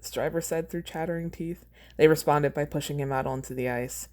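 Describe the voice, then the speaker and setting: A woman's voice: low voice, steady tone, a little fast, a little mellow. A woman hosting a podcast, reading her own fan fiction aloud and chatting casually about it, laughing at her own lines.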